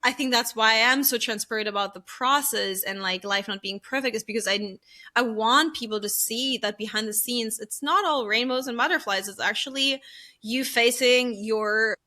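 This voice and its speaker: A woman's voice: on the high side, moderate pace, sharp tone. A woman in her thirties from Germany, talking openly as a podcast guest, earnest, with many fillers and easy laughs. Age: 30s. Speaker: podcast guest, business coach. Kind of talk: candid podcast conversation.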